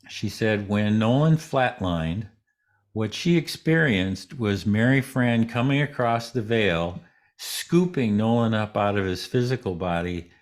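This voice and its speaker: Slow-talking man telling a story. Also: lowish voice. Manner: slow, relaxed storytelling, acting out quoted voices. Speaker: interview guest. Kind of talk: storytelling in a casual interview.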